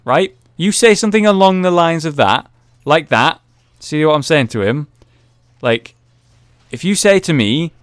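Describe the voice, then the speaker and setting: A young man with a smooth, clear voice commentates his own gameplay in casual talk. He rants with frustration and swears freely, then breaks into excited shouts when the action heats up. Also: on the high side, unhurried, pauses often, no echo. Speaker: gaming YouTuber commentating his own match.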